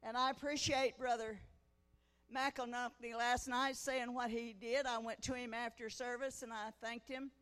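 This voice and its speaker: Woman preacher, 60s, fervent testimony sermon, slightly high voice, echoey hall. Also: level tone, moderate pace, fairly bright tone, smooth. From Missouri. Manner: folksy storytelling that swells into fervent preaching. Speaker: guest preacher. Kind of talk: testimony sermon at a women's conference. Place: church conference hall.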